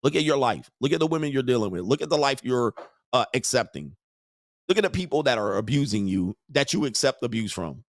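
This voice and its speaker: A show host rants on a livestream in a crude, mocking manner, often breaking into laughter. His middle-pitched voice is animated and a little fast, and the audio is dry and close with no room echo.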